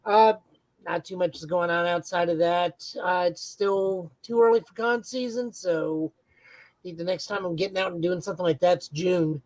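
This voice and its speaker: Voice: medium pitch, steady tone, normal speed, darkish tone, dry recording, poor audio. A podcast co-host chatting casually, plugging his streams with dry self-deprecating humor. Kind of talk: casual chat.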